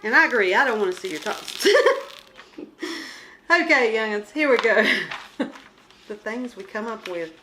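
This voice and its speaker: A woman's voice: on the high side, expressive, moderate pace, long pauses, sharp tone, a little hiss or hum. A woman chatting casually as she shows her craft kit, rambling and joking about herself. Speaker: crafting vlogger. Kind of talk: casual show-and-tell chat.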